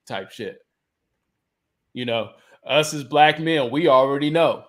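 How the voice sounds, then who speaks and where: A man's voice: medium pitch, measured pace. Heated, profane man ranting. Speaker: podcast co-host. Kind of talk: casual chat.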